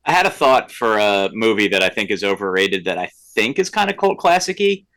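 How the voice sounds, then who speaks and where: A man's voice: lowish voice, big pitch swings, a little fast, fairly bright tone. A man co-hosting a podcast in casual chat, giving blunt, dismissive opinions. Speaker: podcast co-host.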